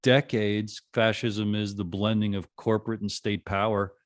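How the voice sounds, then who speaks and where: A man's voice: fairly low pitch, level tone, normal speed, dry recording. A man hosting a roundtable discussion over a video call, steering the conversation between his guests. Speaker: host.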